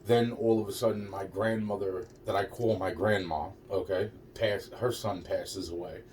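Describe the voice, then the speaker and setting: Speaking at normal speed, this vlogger has a slightly mellow voice on the low side and fairly even intonation. He delivers an agitated, repetitive personal monologue, swearing heavily and restarting sentences as he goes. The mic is distant, with faint noise behind him.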